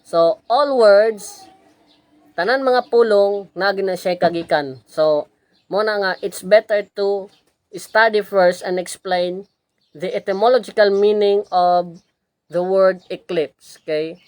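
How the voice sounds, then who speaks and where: A woman's voice: medium pitch, measured pace, darkish tone, no room sound. A woman with a Filipino Cebuano accent giving a religious lecture, repeating key words and checking in with "okay?" as she goes. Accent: Filipino, Cebuano-speaking. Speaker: religious teacher.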